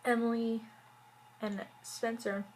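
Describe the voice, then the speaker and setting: A woman's voice: fairly high pitch, level tone, takes it slowly, darkish tone, slight background noise, rough recording. A woman reviewing a TV episode in a casual vlog, rambling with many "like"s and fillers and wry, exasperated asides. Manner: rambling, heavy use of "like" and fillers. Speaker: TV show reviewer.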